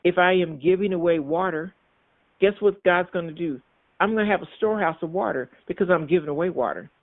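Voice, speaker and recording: Guy preaching, kinda high voice, tinny phone sound, dry, repeats himself a lot. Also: fairly quick, no echo. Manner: repetitive, emphatic preaching with restarts. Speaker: minister. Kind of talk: sermon.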